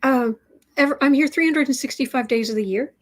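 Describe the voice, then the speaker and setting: High-pitched and fairly quick, a woman hosts her daily tarot stream, talking casually with viewers. She's chatty and keeps interrupting herself to speak to her cat.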